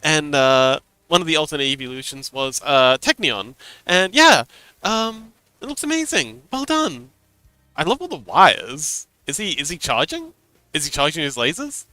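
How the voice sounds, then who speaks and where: Bright, animated male game master. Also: a little high, normal speed, no room sound. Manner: animated storytelling, laughs often. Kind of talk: casual livestream chat.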